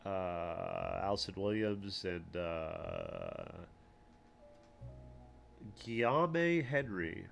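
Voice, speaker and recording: A man's voice: sits low, very animated, very slow, vocal fry, pauses often, a bit bright, soft background music. A man co-hosting a livestream, giving offhand, mocking outfit commentary that trails off into fillers. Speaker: podcast co-host.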